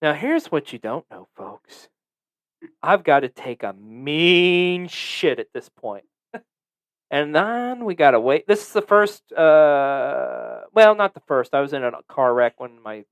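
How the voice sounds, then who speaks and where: A man's voice: medium pitch, sing-song, measured pace, clean tone. A man hosting a podcast, telling a story in a casual, profane, joking way. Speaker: podcast host.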